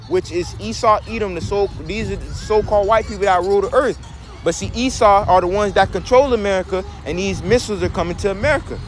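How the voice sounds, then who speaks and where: A man teaching from scripture in a preaching style. He reads verses slowly and then explains them, checking in with "okay?" and "all right?" along the way. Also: high voice. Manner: emphatic, preachy.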